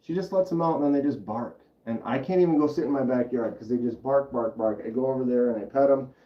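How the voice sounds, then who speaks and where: A man's voice: mid-range voice, quick pace, reverberant, distant mic, highs cut off. A man hosting a casual livestream at home, chattily explaining each step and answering the chat aloud. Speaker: livestream host.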